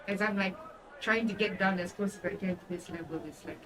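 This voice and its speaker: A woman playing a tabletop game who speaks softly and gently. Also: mid-range voice, fairly even intonation, a little fast, a crowd in the background. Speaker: player. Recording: distant mic, noisy background.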